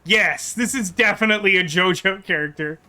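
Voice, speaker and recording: A man's voice: high-pitched, a little fast, pushed and bright, smooth. A man hosting a let's play, reading game dialogue aloud and breaking off into joking, rambling asides.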